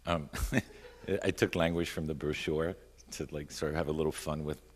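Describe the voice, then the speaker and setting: A middle-aged man with a low, deep voice reads his poems and talks between them in a relaxed, conversational way, poking fun at himself and often asking the room "right?". He is recorded live at an arts center, and his voice rings out with a long hall reverb. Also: normal speed, slight background noise. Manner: conversational, self-deprecating asides, frequent "right?". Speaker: featured poet. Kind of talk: poetry reading with spoken introduction.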